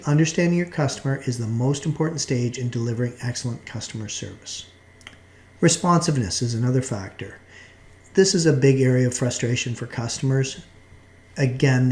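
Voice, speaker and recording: A man giving a recorded course lecture in a measured, explanatory way, now and then restarting a phrase. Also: mid-range voice, a little mellow.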